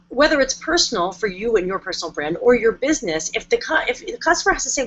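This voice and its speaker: A woman's voice: fairly high pitch, sing-song, fast talker, few pauses, a bit bright, lo-fi sound. A woman hosting a casual live-stream talk as a coach, chatty and emphatic, often acting out her clients' voices. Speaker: host and coach.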